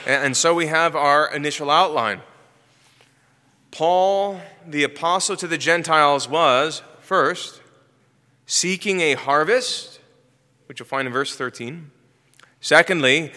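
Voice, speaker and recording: Bright-voiced pastor preaching in a reverberant hall. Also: male voice, fairly high pitch. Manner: structured, emphatic preaching with rhetorical questions. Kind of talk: sermon.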